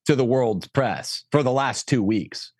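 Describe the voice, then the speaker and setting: A man speaking as a guest commentator on church affairs, talking fast and insistently in opinionated podcast style. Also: mid-range voice, darkish tone, husky, dry recording, studio quality. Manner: emphatic, rapid, insistent.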